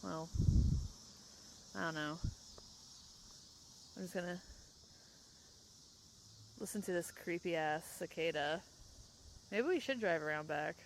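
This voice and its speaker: A young woman hosting a podcast in casual chat, rambling and quick to laugh. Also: on the low side, noisy background. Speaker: podcast host. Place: outdoors, in a parked car.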